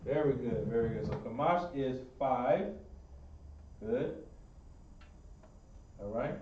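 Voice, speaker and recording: A man's voice: medium pitch, lively intonation, slow, slight background noise. Man teaching a class in an echoey room. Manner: encouraging, repeats praise. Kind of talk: Hebrew language class. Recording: echoey room, far mic, muffled.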